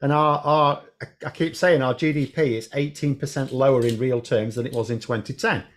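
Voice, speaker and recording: A man's voice: medium pitch, fairly even intonation, normal speed. A man co-hosting a casual political chat, explaining his points emphatically and arguing them through. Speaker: podcast co-host, former teacher.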